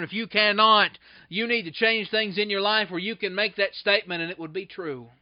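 A man preaching a sermon, swelling loud and then dropping soft and slow to stress his points. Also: sits high, dull audio.

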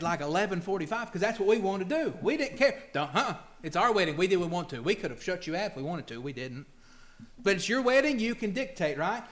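A male preacher delivering a sermon, reading scripture and acting out pleading voices. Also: high voice. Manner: animated, acts out pleading voices and quotes scripture.

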